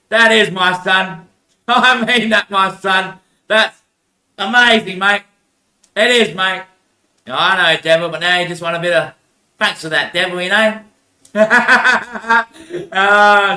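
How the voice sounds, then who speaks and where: Bright-voiced man muttering in a roomy space. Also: high voice, fairly even intonation, takes it slowly. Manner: laughs often and trails off into muttered curses; calls the listener son and mate. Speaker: show host. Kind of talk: rambling solo monologue. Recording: roomy echo.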